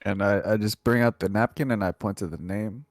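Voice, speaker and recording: A man's voice: on the low side, brisk, dry recording, studio quality. A man playing a tabletop game, speaking in character in a hesitant way. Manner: gravelly, hesitant. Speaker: player.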